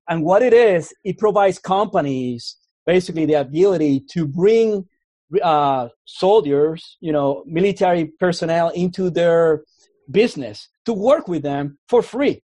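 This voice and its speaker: A man's voice: on the high side, normal speed, warm tone, no room sound. A man with a Canadian accent, a guest in a casual interview, talking earnestly and restarting his words often. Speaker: guest, army officer.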